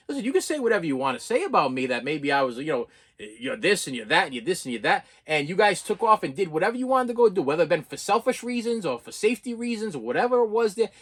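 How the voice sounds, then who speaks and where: A man's voice: high-pitched, a bit bright. A man in his fifties giving a raw, emotional personal rant to camera, full of stammering restarts and repeated phrases. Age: 50s. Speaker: vlogger.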